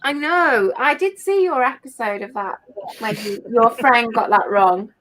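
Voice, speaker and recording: A woman's voice: fairly high pitch, crowd noise. A woman in a casual chat who teases the others and laughs easily. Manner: teasing, quick to laugh. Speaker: chat participant.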